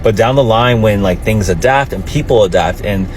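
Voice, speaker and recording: A man's voice: fairly low pitch, normal speed, a little hiss or hum, rough recording. A man giving a casual opinion monologue in a conversational, rambling way, recorded outdoors near a street.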